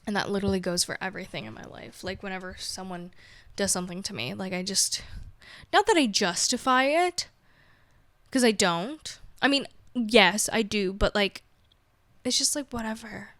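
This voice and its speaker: A woman's voice: medium pitch, moderate pace, a bit bright, no room sound. A woman hosting her own podcast, chatting casually in a rambling, self-mocking way and laughing often. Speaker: podcast host. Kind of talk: casual solo chat.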